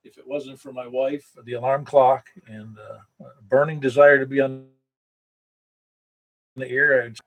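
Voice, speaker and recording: A man's voice: medium pitch, steady tone, a little slow, pauses often, low-quality recording. A man acting as net control on a ham radio net, chatting casually and rambling with self-corrections. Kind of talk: casual on-air radio chat.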